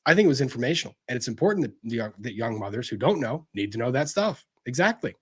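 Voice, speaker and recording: A man hosting a livestream, chatting casually and gently as he answers viewer messages, with plenty of fillers and restarts. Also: medium pitch, big pitch swings, fast, husky.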